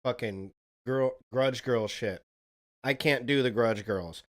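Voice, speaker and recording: A man's voice: mid-range voice, slow. A man live-streaming a casual reaction chat, rambling, swearing and talking to a viewer in chat.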